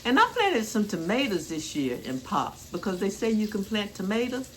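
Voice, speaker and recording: A woman's voice: mid-range voice, sing-song, normal speed, a bit bright, slight background noise. An older woman talking casually in a rambling, homespun way while cooking in her home kitchen. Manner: chatty, homespun, rambling asides. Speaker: cooking vlogger.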